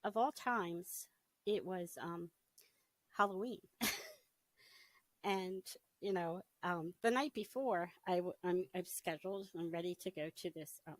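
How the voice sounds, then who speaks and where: A middle-aged woman giving a personal testimony in an interview, telling her story in a casual, animated way and often laughing as she acts out her past thoughts. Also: lowish voice, measured pace, no room sound, low-quality recording. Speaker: interview guest.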